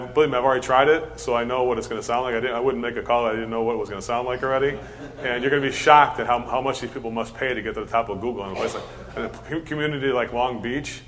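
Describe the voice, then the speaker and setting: A man hosting a casual interview about customer service, talking quickly and often repeating words as he thinks. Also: mid-range voice, slight background noise. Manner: fast, animated, repeats words while thinking. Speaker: host and service trainer.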